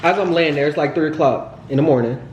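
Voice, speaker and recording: A fairly high-voiced man with a mellow tone tells his story to viewers, swearing hard and piling on fillers. He sounds heated the whole way through. The sound bounces around a bare, echoey room. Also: fast talker, lo-fi sound, a little hiss or hum. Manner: heated, profane retelling with lots of fillers. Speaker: storytime vlogger.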